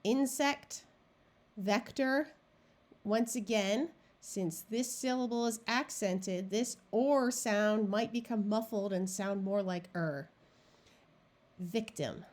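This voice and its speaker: Slow, deliberate woman teaching phonics. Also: mid-range voice, darkish tone. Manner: slow, deliberate, clear word-by-word modeling. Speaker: reading tutor. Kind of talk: phonics lesson narration.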